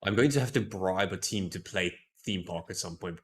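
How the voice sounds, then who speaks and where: A man's voice: sits low, normal speed, fairly bright tone, slight background noise. A man casting a live esports match, chatty and playful, restarting his phrases, tired after a long day. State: tired, yawning. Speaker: esports caster.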